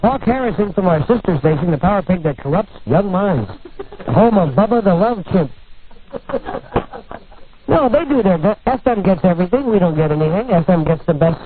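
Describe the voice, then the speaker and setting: A man's voice: high-pitched, big pitch swings, moderate pace. A male radio talk show host in a studio, teasing and rambling through brash, irreverent banter. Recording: phone-like narrow radio broadcast.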